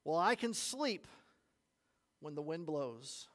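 A man voicing a short, thin, older hired farmhand who answers calmly and firmly. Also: a little high, slow pace, long reverb tail, full character voice. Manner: calm and firm, quiet.

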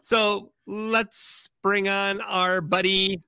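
A man's voice: high-pitched, flat delivery, extremely slow, gravelly, very noisy. A man hosting a podcast in a casual, upbeat way, introducing the next guest. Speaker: podcast host.

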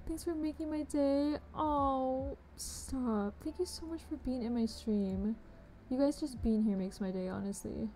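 A woman's voice: high-pitched, a little slow, hardly any pauses, dark tone. A young woman chatting casually on a game live stream, bubbly and chatty, greeting viewers with pet names. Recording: faint background noise.

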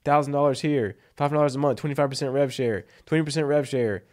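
A man's voice: medium pitch, fairly even intonation, quick pace, a little mellow. A man giving blunt, emphatic copywriting advice in a casual vlog, tossing in "like" and "right?" as he goes. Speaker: freelance copywriting coach.

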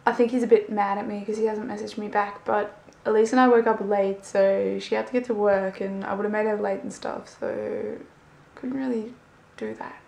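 A young woman chatting casually to camera in a daily vlog, upbeat and talkative, sometimes trailing off softly. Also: medium pitch, fairly even intonation, moderate pace, vocal fry. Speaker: vlogger. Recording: background noise.

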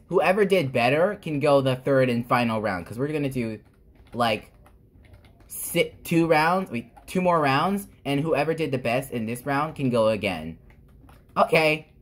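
Husky-voiced woman gaming, super low pitch but jumps around a lot, squeals. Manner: excitable, squeals and exclamations. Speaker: gamer, channel host. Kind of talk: gameplay commentary.

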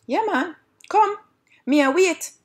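A woman's voice: extremely high pitch, animated, takes it slowly, pitched above the performer's own voice, heavily acted. A woman doing a sassy Jamaican little pig. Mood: taunting. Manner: sassy, defiant Jamaican patois. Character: clever cheeky little male piggy.

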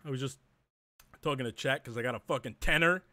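A man streaming live, hoarse and losing his voice, thanking viewers in casual chat. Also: mid-range voice, fast talker, no echo. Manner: hoarse and quiet after singing, thanks viewers.

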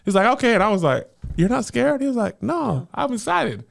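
A man's voice: sits high, a little fast, creaky. A middle-aged man co-hosting a casual comedic chat, telling family stories with playful exaggeration. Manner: animated storytelling, playful exaggeration. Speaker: podcast co-host.

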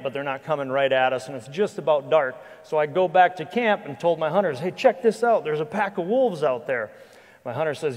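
A man with a slightly higher voice tells a hunting story to a church crowd in a lively, anecdotal way, often restarting his sentences. His voice carries a long reverb from the large hall around him. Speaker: guest speaker and hunting guide. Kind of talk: storytelling talk to a church audience. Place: church hall with live audience.

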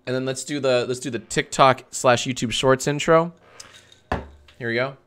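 A man's voice: medium pitch, steady tone, moderate pace, fairly bright tone, clear, resonant tone. A man hosting a casual livestream, talking in a sarcastic, joking way with plenty of swearing into a desk mic. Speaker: livestream host.

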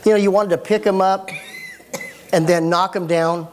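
A man's voice: high voice, normal speed, crowd noise. Middle-aged guy preaching, folksy and fired up, cracks jokes from the pulpit. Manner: animated, folksy preaching with joking asides. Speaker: pastor. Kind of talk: sermon.

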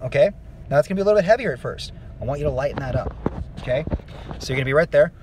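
A man giving a casual singing lesson, explaining vocal technique in a relaxed, rambling way with many fillers. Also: on the high side, rapid-fire, background noise. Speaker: vocal coach.

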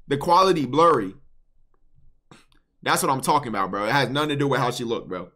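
A young man runs a live stream, trading slangy banter with callers and snapping back at his chat. His voice is bright and swings widely in pitch. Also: lively intonation. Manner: loose slangy banter, quick outbursts at chat.

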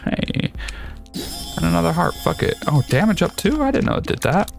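A man giving profane, excitable commentary as he plays a video game, shouting at enemies. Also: fairly high pitch, moderate pace, creaky. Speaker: gaming streamer. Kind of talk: let's play commentary. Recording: game music behind.

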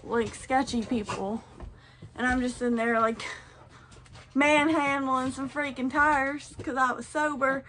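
A woman's voice: a little high, fairly bright tone, slight background noise. A tired young woman, chatting casually and rambling in a home vlog from her camper. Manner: chatty, rambling, says "y'all" and "freaking". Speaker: vlogger.

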